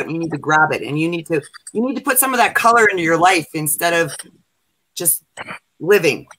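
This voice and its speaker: Emphatic woman with a bright voice. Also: medium pitch, poor audio. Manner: emphatic, repetitive pep-talk. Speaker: co-host reading tarot cards. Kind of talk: casual livestream chat.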